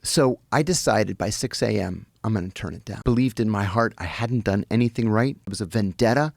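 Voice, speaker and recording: An American man, a guest on a podcast, telling his story in an animated way and acting out the people he quotes. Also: on the low side, fairly quick, vocal fry, dry recording, clean studio sound. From United States.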